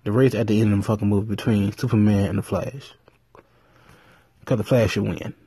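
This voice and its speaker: A man vlogging in a rambling, profane, animated way, retelling stories with frequent restarts. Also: fairly low pitch, a little fast, breathy edge, dry recording. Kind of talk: casual commentary.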